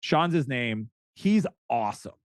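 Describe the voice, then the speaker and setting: A middle-aged man from Canada talks as a podcast guest in an easygoing, animated way. He tumbles into stories and restarts his sentences, with a mid-pitched voice. The sound is close and dry, with no room echo. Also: measured pace. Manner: animated storyteller who acts out quoted dialogue, frequent restarts. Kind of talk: casual interview chat.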